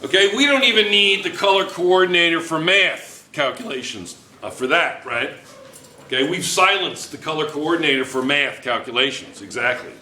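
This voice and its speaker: Chemistry teacher, man, bright and a bit high, playful, repeats key phrases. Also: moderate pace, echoey room, slight background noise. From United States. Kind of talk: classroom teaching. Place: classroom.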